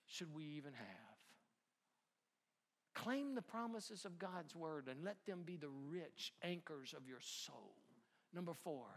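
A middle-aged male pastor preaching a sermon, swinging from hushed near-whispers to loud, near-shouted passages. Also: a little high.

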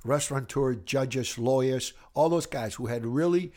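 An older man from Italy with a light Italian accent, a music educator telling animated, rambling stories with many restarts in a casual interview. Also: mid-range voice, normal speed. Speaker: music educator, podcast guest.

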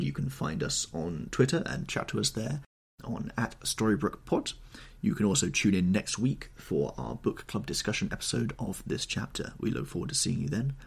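A man with a deep voice reads a classic novel aloud as the narrator and host of a storytelling podcast. His reading is expressive and dramatic, with a wide, lively pitch. The tone is gravelly and husky.

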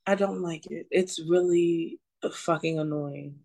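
A woman's voice: low-pitched, steady tone, measured pace, gravelly, dark tone. A woman co-hosting a podcast in casual chat, ranting bluntly and with exasperation, swearing often. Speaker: podcast co-host.

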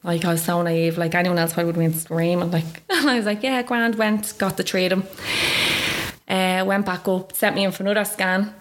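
A woman's voice: on the low side, steady tone, fairly quick. A young woman with an Irish accent, telling her own story as an interview guest in a chatty way, full of "like" and acted-out quotes. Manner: chatty, lots of "like", acts out quoted voices. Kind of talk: personal story told in conversation.

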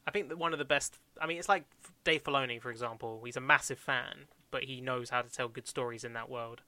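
Young male co-host, crisp bright voice, dry close sound, loose rambling chat full of fillers. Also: mid-range voice, fairly even intonation, fast, no echo. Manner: rambling, many fillers and restarts, laughs often. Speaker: podcast co-host. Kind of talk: casual chat reviewing TV shows.

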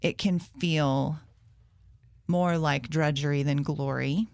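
A woman's voice: low-pitched, fairly even intonation, slow, vocal fry, a little mellow, no echo. A woman, a homeschool mom and classroom teacher, talking earnestly in a casual conversation and thinking aloud as she goes.

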